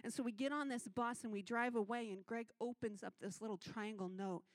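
A woman youth minister giving a missions testimony sermon, telling her story in an animated way and acting out the voices she quotes. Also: a little high, brisk, dry recording.

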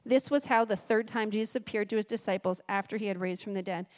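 A woman's voice: mid-range voice, quick pace, a little mellow. A woman giving a conversational sermon, reading scripture aloud with chatty, joking asides. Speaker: guest speaker at a church service. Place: church service.

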